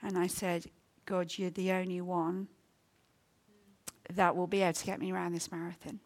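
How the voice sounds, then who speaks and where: A woman's voice: fairly low pitch, level tone, moderate pace. A middle-aged woman from England preaching a sermon in church, telling personal stories in an earnest, emotional way with many fillers.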